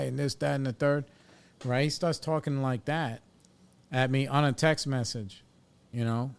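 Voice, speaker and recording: This man's mid-range voice has a creaky, clean quality, fairly even intonation, and a measured pace broken by frequent pauses. In his forties and in recovery, he hosts a podcast where he speaks bluntly and reflectively, cursing freely while thinking things through.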